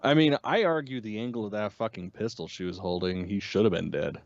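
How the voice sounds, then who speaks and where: A man's voice: lowish voice, brisk, no echo. A man co-hosting a casual review chat, blunt and profane, often breaking in with short agreements. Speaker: co-host. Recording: dull lo-fi sound.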